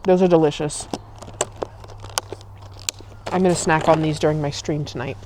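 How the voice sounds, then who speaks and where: Against a noisy background in a park, a woman in her late twenties, a vlogger and streamer, chats casually between bites of a snack, using lots of "like" and "um." She talks at normal speed in a deep, steady voice.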